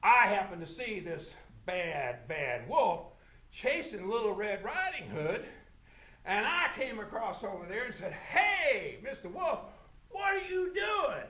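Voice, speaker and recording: A man voicing a rough, boastful woodcutter who talks in a blunt, folksy and loud way. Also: sits high, big pitch swings, slow pace, pitched below the performer's own voice, full character voice. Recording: echoey room.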